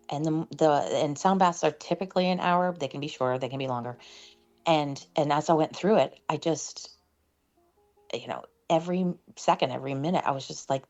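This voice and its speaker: A woman's voice: low voice, normal speed, dull audio. A woman, a sound practitioner, speaking earnestly and reflectively as a podcast guest. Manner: earnest, heartfelt, reflective, many fillers. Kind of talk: casual interview conversation.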